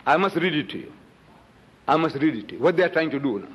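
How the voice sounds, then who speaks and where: Emphatic high-voiced older man lecturing. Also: very animated, quick pace, a bit bright, breathy edge. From South Africa. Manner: emphatic, rhetorical questions, holding up items. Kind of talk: public lecture to an audience. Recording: reverberant lecture hall.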